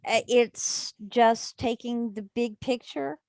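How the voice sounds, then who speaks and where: A woman's voice: a little high, fairly even intonation, slow, vocal fry, dry recording. Reflective woman sharing on a group call. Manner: reflective, hesitant with many fillers. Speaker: member of an online business group. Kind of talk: casual group video call.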